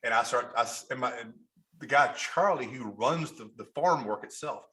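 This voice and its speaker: Speaking at a normal speed with a mid-range voice and a Kentucky accent, a photographer from Kentucky, USA, is a guest on a podcast. He spins animated stories in casual interview chat, frequently restarting and acting out what people told him.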